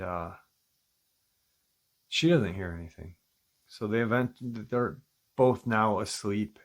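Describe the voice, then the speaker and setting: A man hosting a channel, casually retelling a listener's encounter in a halting way, with frequent ums and restarts. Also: on the low side, fairly bright tone. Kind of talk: casual spoken storytelling.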